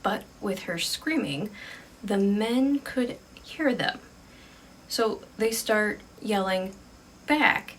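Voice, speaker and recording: A woman's voice: mid-range voice, lively intonation, very slow, recorded from a distance, a little hiss or hum, low-quality recording. A woman telling an improvised ghost story in a casual, conversational way, full of fillers.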